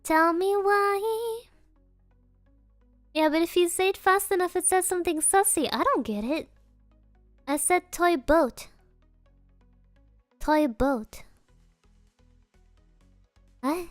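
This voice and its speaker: A woman streamer with a high, girlish voice chats playfully and unhurriedly with her audience. She giggles often as she answers viewers' messages. Her voice sounds close and dry, with faint music playing underneath. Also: takes it slowly, pauses often, no echo. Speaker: virtual streamer. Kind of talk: casual live-stream chat.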